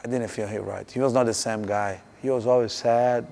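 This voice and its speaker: A man coaching fighters, speaking in halting, broken English in an interview. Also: medium pitch, fairly even intonation, gravelly, a little mellow, slight background noise. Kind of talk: reflective interview. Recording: echoey room with long reverb.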